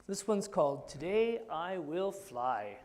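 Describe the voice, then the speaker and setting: A man reading a picture book aloud to children at a congregation service, playful and unhurried. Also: a little high, sing-song, darkish tone, big-room sound, a little hiss or hum. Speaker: children's story reader. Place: congregation sanctuary.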